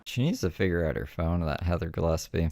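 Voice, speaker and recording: Brief: male commentary host, gravelly, animated pitch, dry sarcastic jabs. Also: fairly quick, noisy background. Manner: sarcastic, mocking asides. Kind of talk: reaction commentary.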